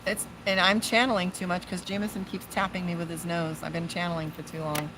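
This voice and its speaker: A woman's voice: fairly low pitch, level tone, fairly quick, noisy background. A woman from Las Vegas doing a casual live-streamed tarot reading outdoors by a pool. She is chatty and swears freely, and she breaks off to talk to her dog. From Las Vegas, USA. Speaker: tarot reader and psychic.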